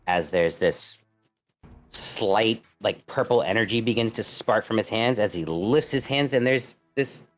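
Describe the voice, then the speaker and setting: Guy running a tabletop game, goofy and rambly, faint music behind. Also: lowish voice. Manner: rambling, playful, slips into odd character speech. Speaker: game master. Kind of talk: narrating and voicing characters in a tabletop game.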